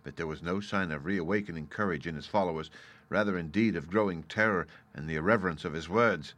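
A man reading a story aloud in steady, measured scripted narration. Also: low voice, no echo. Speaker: audiobook narrator.

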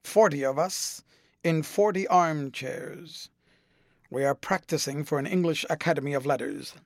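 A man voicing a courteous elderly gentleman with dry wit and formal, measured period speech. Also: a little high, dry recording.

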